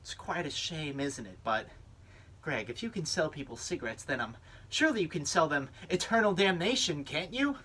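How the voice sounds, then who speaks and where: A man's voice: fairly high pitch, animated, normal speed, bright, forceful tone, breathy edge, voice pushed up, exaggerated voice. A young man voicing a scheming, needy male devil who runs hell, in a speech-team comedy performance. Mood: smug.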